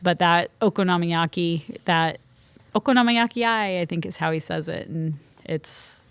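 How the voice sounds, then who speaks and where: A woman from Kansas City co-hosting a podcast, explaining things in casual chat, eager and quick to laugh. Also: fairly low pitch, level tone, no echo. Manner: explanatory, enthusiastic about anime, laughs easily. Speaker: podcast co-host.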